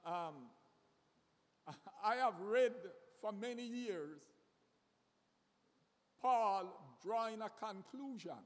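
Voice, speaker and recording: A man preaching a sermon slowly and deliberately, often repeating words as he searches for the next one. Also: sits high. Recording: long reverb of a hall.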